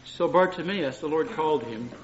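A man's voice: fairly high pitch, normal speed. A middle-aged man preaching a sermon, telling homely stories in an earnest way and often saying "you know". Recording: dull echoey room recording.

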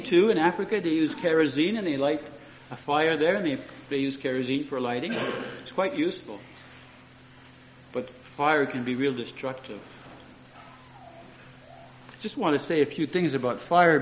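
A man's voice: on the high side, slight background noise. A middle-aged man preaching a sermon, telling homely stories in an earnest way and often saying "you know". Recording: dull echoey room recording.

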